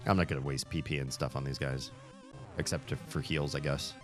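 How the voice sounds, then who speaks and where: A man hosting a video game playthrough, chatting along in an animated way and laughing often. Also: a bass voice, fairly quick. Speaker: let's play host. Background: faint game music.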